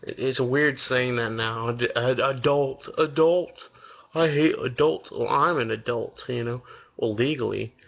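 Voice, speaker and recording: A young man of eighteen talks straight to his audience in a loose, wandering vlog ramble, full of "like" and "you know" and casual swearing. His voice has a gravelly fry to it, and the audio sounds dull and lo-fi, like a cheap home setup. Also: medium pitch, measured pace. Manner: rambling, loose and profane, many fillers. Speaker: vlogger.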